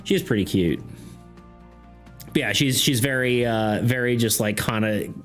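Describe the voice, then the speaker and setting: A man's voice: mid-range voice, a little slow, a bit bright. A man running a tabletop game on stream, narrating loosely with frequent laughter and self-deprecating asides. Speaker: game master. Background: faint background music.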